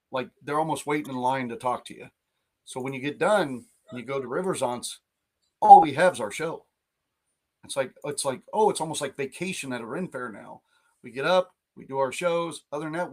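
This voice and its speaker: A man's voice: mid-range voice, a little mellow. A man co-hosting a live podcast, chatting casually in long rambling stretches, laughing often and restarting his sentences. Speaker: podcast co-host. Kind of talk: casual chat.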